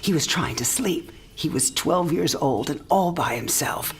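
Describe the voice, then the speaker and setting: A dying mother in her sixties with a low, dusky voice. She talks in a breathy, half-whispered way, teasing and frank. This is a video game cinematic. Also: lively intonation, measured pace, a little hiss or hum. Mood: tender. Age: 60s.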